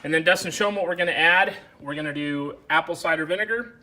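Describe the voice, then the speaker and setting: A man's voice: on the high side, fast talker, sharp tone. A man hosting a casual cooking video, chatting through each step for the viewer. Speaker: cooking show host. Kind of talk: casual how-to cooking narration.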